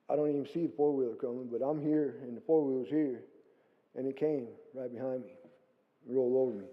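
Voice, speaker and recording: A middle-aged man giving a guest testimony in a church hall, telling his story in a lively way and acting out what he said. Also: medium pitch. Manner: animated storytelling, acting out his own quotes. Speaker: guest speaker. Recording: phone-like lo-fi sound with long hall reverb.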